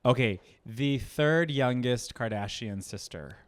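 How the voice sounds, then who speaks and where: A man running a playful quiz on a podcast, his voice in an ordinary middle range. He reads out questions briskly and slips in teasing jokes. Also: medium pitch, animated. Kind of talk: casual podcast chat.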